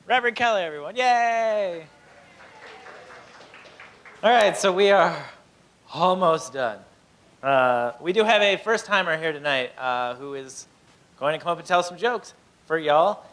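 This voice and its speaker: A man's voice: sits high, lively intonation, measured pace, long pauses, a bit bright. Casual male open mic host. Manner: casual, chuckling, hesitant fillers. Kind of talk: introducing acts. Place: small comedy club stage. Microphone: handheld stage mic.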